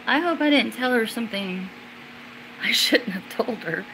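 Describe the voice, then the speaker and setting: A woman hosting a casual question-and-answer stream, rambling with many fillers and restarts, and at times suddenly getting excited and loud. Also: a little high, moderate pace, slight background noise, rough recording. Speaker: livestream host answering viewers. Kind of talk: casual chat.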